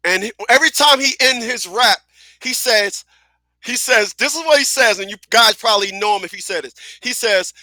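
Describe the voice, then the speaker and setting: A radio talk show host delivers a casual monologue, speaking bluntly and emphatically, cursing and repeating himself a lot. His voice is extremely high-pitched and sharp, at normal speed, with no echo.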